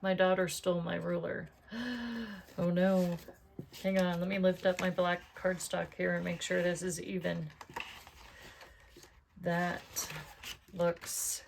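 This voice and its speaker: Slow, gravelly-voiced woman crafting. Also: lowish voice, completely flat delivery, a little hiss or hum. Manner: chatty, talks to herself while working, asks viewers questions. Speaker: card-making crafter. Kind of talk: casual crafting tutorial chat.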